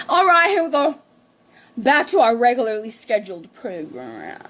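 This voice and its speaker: A woman's voice: fairly high pitch, expressive, unhurried, fairly bright tone, slight background noise. A woman co-hosting a livestream, ranting defensively and swearing, with Spanish phrases mixed in. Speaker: livestream co-host. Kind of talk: heated casual rant.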